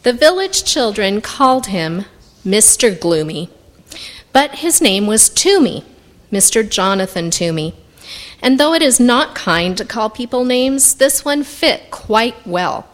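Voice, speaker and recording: A woman reading a Christmas picture book aloud with expressive storytelling. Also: on the high side, measured pace. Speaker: story reader.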